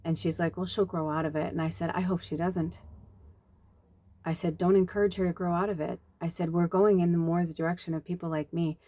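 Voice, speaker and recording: A woman's voice: fairly low pitch, little pitch movement, brisk, dark tone. A woman, a spiritual medium, chatting casually and rambling through a personal story, acting out the people she quotes. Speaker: spiritual medium and card reader.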